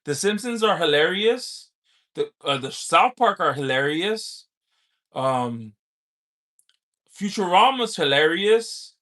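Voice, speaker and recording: A man with a high voice chats casually on a livestream, answering viewer comments. He talks slowly, halting and pausing often with filler sounds between thoughts. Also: animated, sharp tone. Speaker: livestream host.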